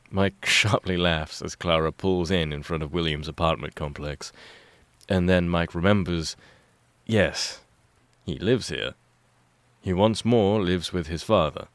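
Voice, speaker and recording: A man narrating a fan fiction story in a steady, measured reading style. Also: deep voice, no room sound.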